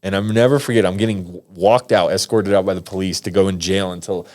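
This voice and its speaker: A man's voice: sits low, steady tone, a little fast, darkish tone. A man telling a wild life story as a podcast guest, slangy and rambling, with many restarts. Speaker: guest, pro fighter. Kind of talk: casual storytelling. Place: podcast studio.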